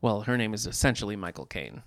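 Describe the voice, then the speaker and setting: A man's voice: on the low side, animated, a bit bright, dry recording. A man co-hosting a podcast in casual chat, reading book blurbs aloud and teasing his co-host with wry asides. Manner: wry, teasing, slips into quick silly impressions.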